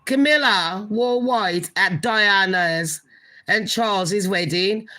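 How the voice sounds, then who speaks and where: A woman's voice: medium pitch, takes it slowly, bright, forceful tone. A woman hosting a casual celebrity gossip livestream, blunt and chatty, swearing freely and talking straight to her viewers.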